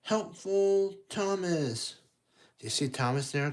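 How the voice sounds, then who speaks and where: An animated storytime host reading a children's picture book, the voice rising and falling widely. Playful and direct, pausing to ask young listeners questions and chugging out train noises. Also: mid-range voice. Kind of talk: children's story read-aloud.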